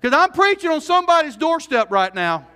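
Speaking fairly quickly from the pulpit, a pastor preaches a sermon in a strikingly high, earnest, animated voice. He peppers the congregation with questions and restarts phrases as he pushes his argument, the sound ringing with long reverberation through the big church hall.

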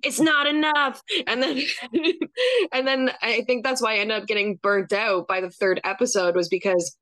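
A woman's voice: medium pitch, lively intonation, normal speed, a bit bright. A woman with a mid-range voice speaks as a podcast guest. She sounds candid and reflective, talking openly about her own creative work. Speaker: guest, sitcom writer and co-creator. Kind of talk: casual podcast interview.

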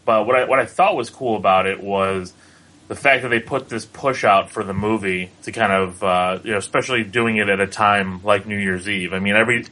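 Bright-voiced, rambling man on a podcast. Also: lowish voice, brisk, rough recording. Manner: rambling, many fillers and restarts. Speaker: podcast co-host. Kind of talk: casual chat.

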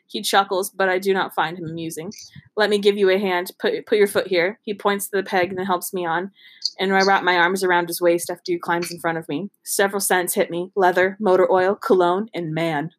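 A woman's voice: fairly low pitch, steady tone, a little fast. A woman reading a romance novel aloud in a casual, giggly way, stumbling and restarting over words. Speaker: reader.

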